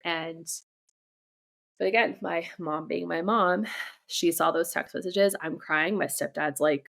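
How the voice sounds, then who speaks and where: Low, gravelly young woman telling her story. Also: fairly bright tone. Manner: candid, blunt, swears freely; halting, restarts sentences often. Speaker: interview guest. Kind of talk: candid personal storytelling interview.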